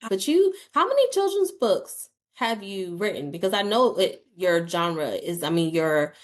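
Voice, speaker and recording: A woman hosts a podcast interview at a very slow, deliberate pace. She affirms her guest and asks unhurried, curious questions. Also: medium pitch, very animated. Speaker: podcast host.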